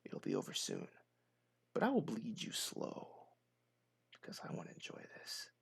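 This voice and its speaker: A man puts on a gloating cultist who hisses his threats in a low, breathy whisper and drags out every word. The voice is hushed, dark and patient, a villain who enjoys taking his time. It suits a solo horror tabletop game. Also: huge pitch swings, full character voice. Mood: gloating menace. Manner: slow, savoring threats. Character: menacing male cultist, knife-wielding, gloating.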